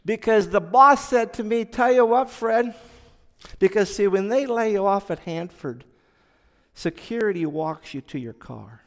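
A man giving a personal testimony, telling it slowly and earnestly, dropping to a hush and then rising loud. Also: sits high, animated, in a large hall. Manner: slow, earnest storytelling that swings from hushed to loud.

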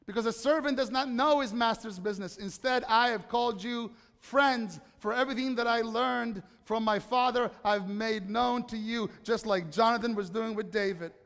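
A man preaching a sermon as pastor, animated, swinging between loud urgency and quiet hushed stretches. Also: very high-pitched, normal speed, hardly any pauses, in a large hall. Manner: animated preaching, shifts from loud excitement to soft hush. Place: church sanctuary.

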